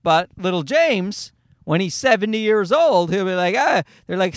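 A man hosting a solo comedy podcast, telling stories in an animated, swearing, voice-acting way. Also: high-pitched, normal speed, no echo, studio quality. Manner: animated storyteller, swears freely, acts out voices. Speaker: podcast host. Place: Toronto.

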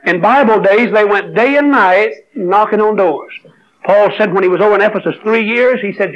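Male preacher, high-pitched, moves from emotional storytelling to fervent exhortation; dull lo-fi recording. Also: normal speed. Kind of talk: sermon.

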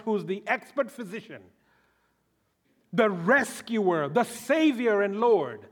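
High-voiced preacher in an echoing hall. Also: male voice, very animated, slow. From Africa. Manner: storytelling, swings from loud emphasis to hushed low passages. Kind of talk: sermon. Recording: long hall reverb.

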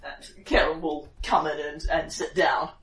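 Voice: medium pitch, steady tone, measured pace, a bit bright, slight background noise. A player in a tabletop game, chatting agreeably and laughing easily. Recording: roomy sound, mic at a distance.

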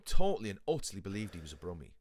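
A man's voice: deep voice, very animated, very fast, darkish tone. A man from England co-hosting a casual podcast, easygoing and chummy, telling anecdotes. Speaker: podcast co-host. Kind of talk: casual chat.

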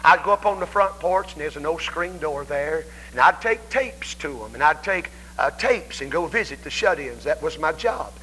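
Southern preacher, shouting then whispering. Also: male voice, a little high, animated, normal speed, hardly any pauses, low-quality recording. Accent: Southern American. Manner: swings between shouting and hushed whispers; folksy storytelling. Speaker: evangelist preacher. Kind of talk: revival sermon. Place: church sanctuary. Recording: faint hum on a 1990s church tape.

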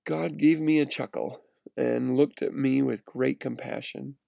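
Man with a gravelly narrating voice. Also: mid-range voice, measured pace, no echo. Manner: earnest, steady reading with small restarts. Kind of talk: read-aloud first-person story narration.

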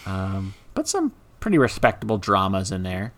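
A man with a lowish voice talks through a movie in a relaxed podcast chat. He is chatty, laughs often and slips into acting out quotes as he goes. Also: normal speed. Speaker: podcast co-host. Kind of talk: casual film discussion.

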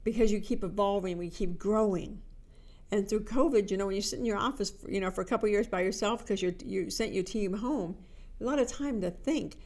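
A middle-aged woman, a life coach, giving an energetic motivational talk and acting out the voices in her stories. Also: medium pitch, a little fast. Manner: energetic, animated storytelling with quoted inner voices.

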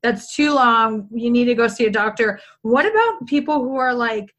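A woman with a high, bright, sharp-edged voice hosts a relaxed podcast conversation. She talks candidly and with plenty of animation, laughing freely and dropping the odd swear word. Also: normal speed. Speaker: podcast host. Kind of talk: casual conversational interview.

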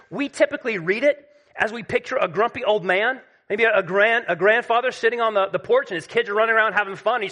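A man preaching a sermon, emphatic and repetitive, dropping to a hush at key points. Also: high voice, fast talker.

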